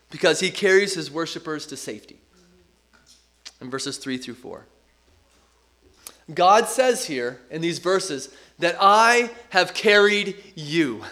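A man's voice: high voice, a bit bright. A middle-aged man preaching a sermon as pastor, earnest and emphatic, leaning on repetition.

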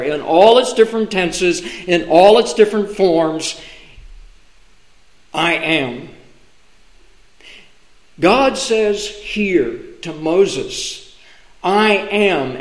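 A man preaching from the pulpit, his voice sitting high and unhurried. He spaces his words with deliberate, emphatic pauses. The sound carries the echo of a church room. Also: fairly bright tone. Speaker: pastor. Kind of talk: sermon. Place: church sanctuary.

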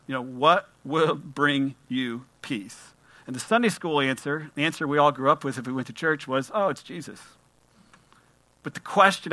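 Guy preaching a sermon, super bright voice, dry close sound, chatty then reads verses with punch. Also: on the high side, dry recording. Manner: conversational preaching, reads scripture aloud with emphasis. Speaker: pastor.

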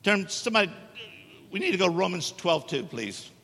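Bright-voiced preacher in an echoey church. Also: male voice, high voice, sing-song, fairly quick, creaky. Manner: emphatic, joking with the congregation. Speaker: guest preacher. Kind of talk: sermon. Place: church sanctuary. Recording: echoey church hall reverb.

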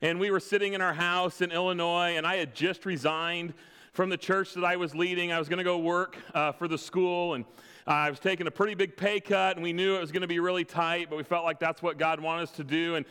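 A man's voice: high voice, fairly even intonation, brisk, clear, resonant tone. Man preaching with a story-telling touch. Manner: storytelling, self-deprecating humor with quiet laughs. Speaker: pastor. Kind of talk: sermon with personal stories. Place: church sanctuary. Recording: long reverb of a large hall.

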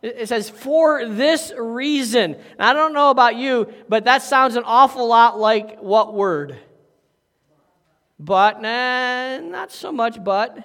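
High-voiced pastor in an echoey hall. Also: male voice, animated, slow pace, a bit bright. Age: middle-aged. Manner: folksy, chatty, many ums and okays. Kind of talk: sermon. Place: church sanctuary.

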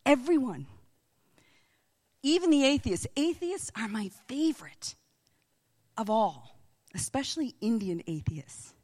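Woman preaching with animated storytelling. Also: fairly high pitch, unhurried, pauses often. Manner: animated storytelling, drops into hushed whispers. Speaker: missionary speaker. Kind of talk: sermon.

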